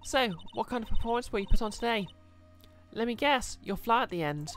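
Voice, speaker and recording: A man voicing a naive, chirpy young girl in a video game, with a high giggly voice. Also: lively intonation, fairly quick, a bit bright, faint music behind.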